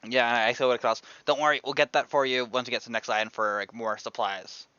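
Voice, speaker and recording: A man's voice: mid-range voice, steady tone, fast, sharp tone, clear, resonant tone, no echo, lo-fi sound. A man playing in a tabletop game, chatting casually and stammering often. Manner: stammering, laughing easily. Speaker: player. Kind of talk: casual tabletop role-play.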